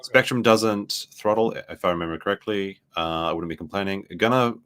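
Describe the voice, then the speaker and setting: A man's voice: deep voice, brisk, fairly bright tone, clear, resonant tone. A man giving casual, rambling reaction commentary, full of fillers. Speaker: commentary streamer.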